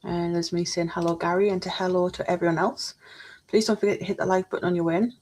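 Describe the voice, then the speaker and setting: A woman's voice: lowish voice, flat delivery, fast, a little mellow. A woman chatting casually on a live stream, reading out chat messages while she builds a model kit at her desk.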